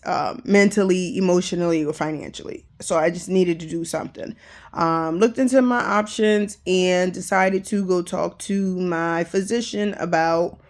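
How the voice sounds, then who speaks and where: A young adult woman talks straight to the camera in a casual vlog, candid and full of fillers. She tells her story emphatically, her voice sitting in an ordinary middle pitch. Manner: candid, chatty, lots of fillers; emphatic, animated retelling. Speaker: vlogger.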